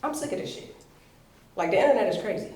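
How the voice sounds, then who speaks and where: A woman doing a stand-up comedy set at a comedy show, telling stories in a brash, profane, animated way. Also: mid-range voice, fast talker. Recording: roomy venue sound, mic at a distance.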